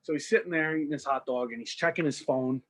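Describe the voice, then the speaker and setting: A young man co-hosting a podcast, telling a made-up story in a loose, rambling way and slipping into quick character voices. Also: on the high side, fairly bright tone. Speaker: podcast co-host. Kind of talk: casual storytelling chat.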